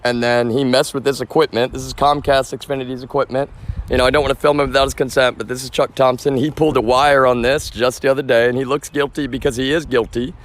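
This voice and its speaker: A man's voice: medium pitch, flat delivery, quick pace. A man live streaming outdoors from a front yard, talking to his viewers in an agitated, rambling way full of swearing. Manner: agitated, rambling, profane, addresses viewers as y'all.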